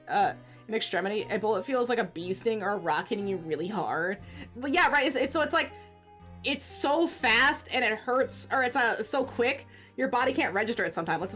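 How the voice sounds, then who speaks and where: A woman's voice: fairly high pitch, sharp tone. A woman streamer chatting casually about a game she is playing, rambling and restarting her sentences. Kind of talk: casual live-stream commentary.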